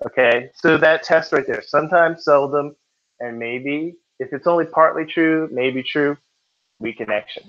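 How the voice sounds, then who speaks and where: A man's voice: on the high side, unhurried, fairly bright tone. A male test prep teacher giving a casual classroom lecture who keeps checking in with his students. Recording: dull lo-fi recording.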